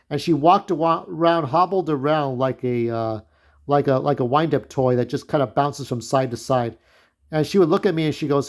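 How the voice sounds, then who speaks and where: A man with a voice a touch higher than usual talks through a loose, reminiscing monologue. He is blunt and candid, wanders off on tangents and swears freely. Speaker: vlogger.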